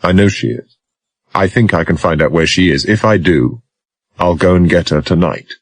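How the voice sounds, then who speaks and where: A man's voice: low-pitched, normal speed, no echo, voice pushed up. A man doing a cocky wry young adventurer. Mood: firm. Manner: wry, teasing, quietly menacing.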